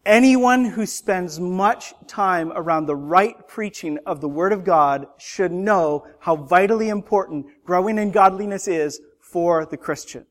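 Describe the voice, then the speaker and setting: A man's voice: high voice, unhurried, few pauses. A middle-aged man preaching a sermon as pastor, earnest and conversational, mixing scripture with personal stories.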